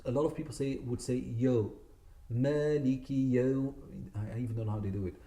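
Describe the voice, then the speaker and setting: Speaking briskly in a steady, dark, mid-range voice, a man delivers a spoken lesson on Quran recitation. He patiently points out common mistakes and draws out demonstrated words, and the community centre room adds echo.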